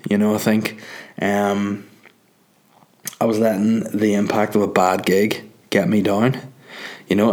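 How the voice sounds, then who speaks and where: A man with a Northern Irish accent, a comedian hosting his podcast, rambling and joking in a sleepy late-night monologue. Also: lowish voice. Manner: rambling, joking, swearing freely. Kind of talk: casual monologue.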